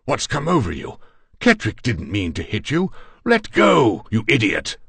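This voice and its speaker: A man voicing a frantic man who shouts while trying to pull two fighters apart. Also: huge pitch swings, a little slow, vocal fry, slightly rough, no room sound, full character voice. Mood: alarmed. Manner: shouting, raised pitch.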